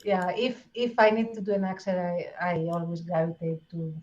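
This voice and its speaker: A woman's voice: on the low side, moderate pace, darkish tone. A woman co-hosting a casual podcast, easygoing and giggly. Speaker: podcast co-host. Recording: dull lo-fi audio.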